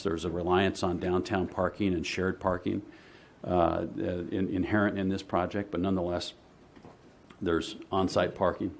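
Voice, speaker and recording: A man giving a measured, explanatory presentation to a city commission in a meeting chamber, often pausing on "uh". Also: sits low, flat delivery, vocal fry, slight background noise. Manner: measured and explanatory, with frequent "uh" fillers.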